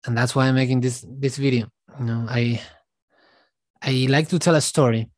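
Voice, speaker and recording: A man giving reflective commentary to his viewers, talking earnestly and haltingly with frequent restarts. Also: medium pitch, steady tone, no echo. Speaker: vlogger.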